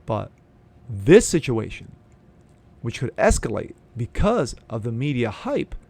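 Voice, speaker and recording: A man's voice: medium pitch, sing-song, a little slow, gravelly, darkish tone, husky. A man hosting his own political commentary vlog, reading news aloud and then ranting his opinion in a blunt, profane, sneering way. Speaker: host of a political commentary channel.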